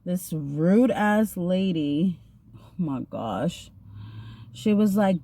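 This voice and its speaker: Slow-talking, chatty young woman. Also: on the low side. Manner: chatty, slangy, animated retelling with acted quotes. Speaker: vlogger. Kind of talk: casual storytime while getting ready.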